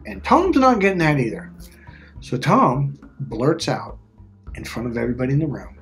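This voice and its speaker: A man's voice: medium pitch, sing-song, moderate pace, a bit bright, faint music behind. A middle-aged man talking casually as a relationship coach, emphatic and repetitive, swearing freely. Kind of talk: casual talk to camera.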